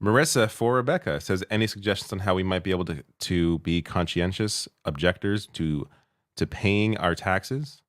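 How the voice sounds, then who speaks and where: A man with a low, deep voice reads viewer donations on a livestream, recorded dry and close with no room sound. He sounds laid-back, chuckles often, and lets his sentences trail off. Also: normal speed, dry recording. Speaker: co-host reading donations. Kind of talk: casual livestream chat.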